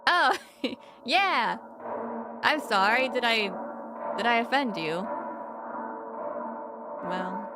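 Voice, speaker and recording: A woman's voice: a little high, animated, extremely slow, long pauses, bright, forceful tone, soft background music. A young woman streaming a horror game, chatting casually and getting flustered, laughing often. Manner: giggly, flustered, talks to the game. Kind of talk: casual let's-play commentary.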